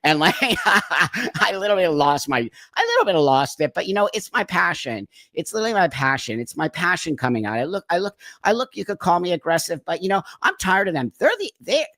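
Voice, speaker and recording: A man's voice: high voice, sing-song, brisk, hardly any pauses, sharp tone, no echo. Man giving blunt, emphatic commentary. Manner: emphatic, repeats words when heated. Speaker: channel host. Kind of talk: opinionated commentary monologue. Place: Los Angeles.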